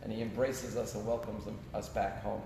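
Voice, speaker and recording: A man's voice: lowish voice, little pitch movement, a little fast, vocal fry. A man giving a sermon as a rabbi, telling stories earnestly with his volume rising and falling. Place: synagogue sanctuary. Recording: echoey sanctuary with long reverb, faint noise.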